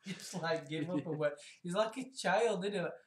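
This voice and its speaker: A man co-hosting a casual chat show, laughing often, animated and sweary. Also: high-pitched, moderate pace, a little hiss or hum. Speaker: podcast co-host. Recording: roomy echo.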